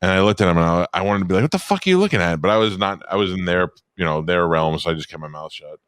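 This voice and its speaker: Deep-voiced and flat in delivery, this podcast co-host talks fast with a fairly bright, clear, resonant tone, recorded dry with clean studio sound. He's casually chatting, telling stories bluntly and swearing freely.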